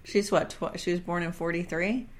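This is a woman with a fairly low voice, chatting as a podcast co-host. She drops dry, wry asides and jokes into the conversation. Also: fairly even intonation, moderate pace. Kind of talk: casual chat.

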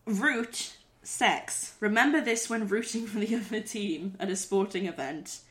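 Bright playful woman reading aloud. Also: mid-range voice, measured pace. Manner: playful, reads out and laughs a lot. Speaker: podcast co-host. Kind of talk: casual chat, reading aloud.

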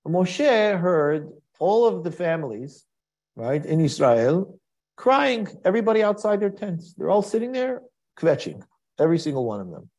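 A man's voice: sits high, very animated, normal speed, a little mellow. A man teaching a Torah class in a conversational style, asking rhetorical questions and quoting Hebrew verses.

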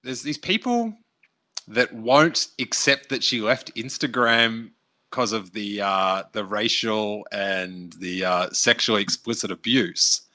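A man co-hosting a podcast in casual chat, animated and full of quick asides and restarts. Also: lowish voice.

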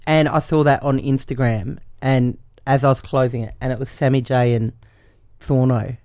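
A woman's voice: rumbling low, steady tone, moderate pace, dark tone. A woman, a comedian guest on a podcast, chatting in a bubbly, self-mocking way. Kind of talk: casual comedic banter.

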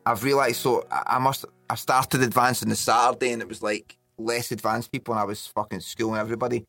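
A man's voice: mid-range voice, level tone, quick pace, fairly bright tone, soft background music. A man, co-hosting a podcast in casual chat, swearing freely and laughing as he tells stories. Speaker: podcast co-host.

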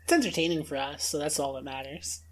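A woman's voice: sits low, quick pace, rough recording. A woman player at a tabletop game, playful and teasing in casual table chat.

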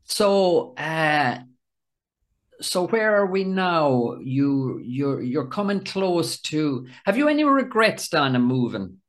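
A man's voice: on the high side, very animated, slow. A man hosting a podcast, asking questions in an easygoing, chatty way. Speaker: podcast host. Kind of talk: casual interview chat.

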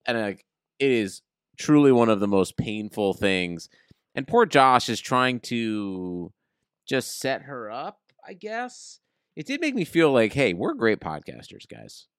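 A man's voice: medium pitch, very animated, measured pace, smooth, dry recording, clean studio sound. A man co-hosting a casual podcast, joking and sarcastic. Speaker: podcast co-host.

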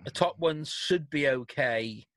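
A British man co-hosts a radio show and reads out listener questions in a loose, chatty way. His voice sits bright and forward, and the close, dry mic leaves no room sound. He rambles and corrects himself as he talks. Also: a little high, slow, dry recording. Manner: rambling, self-correcting, chuckling. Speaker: radio co-host. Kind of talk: casual banter reading listener questions.

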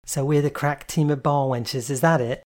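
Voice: mid-range voice, fairly even intonation, moderate pace, darkish tone, lightly acted. A reader voicing a bubbly, boisterous woman who gushes and squeals. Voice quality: gushing, squealing. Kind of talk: audiobook character voice.

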